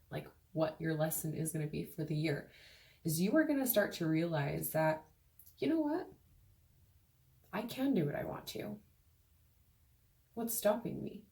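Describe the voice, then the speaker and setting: A woman's voice: low-pitched, a little mellow. A woman giving a casual tarot reading, talking frankly and chattily, swearing freely and acting out quoted voices. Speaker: tarot reader.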